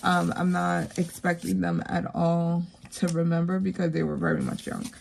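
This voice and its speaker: A woman in her thirties chatting casually while stuffing savings envelopes, rambling and heartfelt, with lots of fillers and softly counted money. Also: fairly low pitch, flat delivery, moderate pace, vocal fry, a little hiss or hum. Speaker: savings vlogger.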